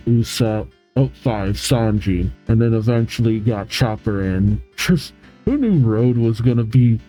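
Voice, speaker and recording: A man hosting a manga reaction, reading panels aloud and reacting excitedly and emotionally, laughing often. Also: mid-range voice, poor audio.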